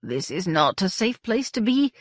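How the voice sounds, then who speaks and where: An earnest male creature companion speaks with steady urgency, pressing his friend to act, as a woman reads him in a storybook. The voice is dry and close. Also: high voice, moderate pace, dry recording. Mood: urgent.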